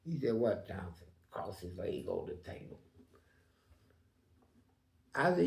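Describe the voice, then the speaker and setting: A man with a gravelly, rough voice spins a casual story, acting out every voice in it and swinging from loud bursts to hushed murmurs. His voice rings in an echoey room. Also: on the low side, measured pace, pauses often. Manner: animated, acts out quoted voices, swings loud and quiet.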